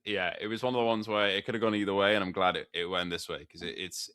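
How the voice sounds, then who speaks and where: A man's voice: lowish voice, steady tone, fast, pushed and bright, clean tone, dry recording, clean studio sound. A British man guesting on a gaming podcast, talking eagerly with many restarts. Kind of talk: casual chat.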